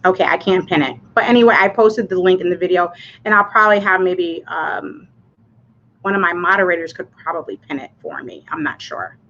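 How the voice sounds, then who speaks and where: A woman's voice: fairly low pitch, brisk, fairly bright tone, highs cut off, slight background noise. A woman hosting a casual personal livestream. She talks in a chatty, rambling way with many fillers and restarts, and her voice sounds anxious and cracks. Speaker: livestream host.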